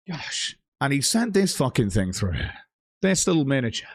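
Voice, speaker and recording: Profane, angry streamer. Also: male voice, medium pitch, sing-song, normal speed, no echo, clean studio sound. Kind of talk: livestream rant, reading chat.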